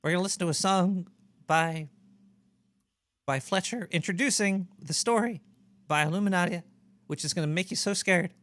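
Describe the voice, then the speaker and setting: A jittery, paranoid cartoon rat host that a man voices, full of half-finished jokes and stumbling restarts. His voice is bright and sits a little high. The sound is dry and close to the mic. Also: no room sound. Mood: playful. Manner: rambling, jokey, halting restarts. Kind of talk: comedic radio show hosting.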